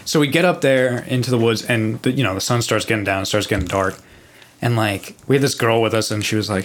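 A man's voice: on the low side, fast talker. A young man telling a spooky story as a podcast guest, rambling and profane, with lots of fillers and restarts. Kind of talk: casual storytelling.

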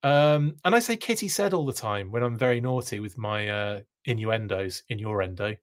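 A man's voice: lowish voice, animated, normal speed. A man hosting a live stream, reading chat comments aloud in a casual, self-deprecating way with frequent laughs.

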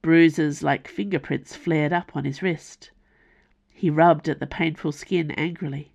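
A woman reading her own fantasy novel aloud as audiobook narration, measured and unhurried. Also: low voice, steady tone, gravelly, darkish tone. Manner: slow, measured storytelling.

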